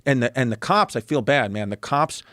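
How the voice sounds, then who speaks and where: A man's voice: mid-range voice, animated, moderate pace, fairly bright tone, dry recording, studio quality. A man, telling rambling, profane anecdotes as a podcast guest. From New York City. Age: 30s. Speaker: guest comedian. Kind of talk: casual podcast storytelling.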